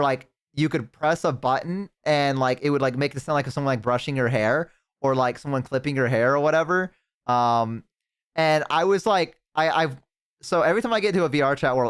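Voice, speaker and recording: A man's voice: mid-range voice, clean tone. Guy streamer just chatting, jokey and rambly, kinda crude, average voice. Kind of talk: casual stream chat.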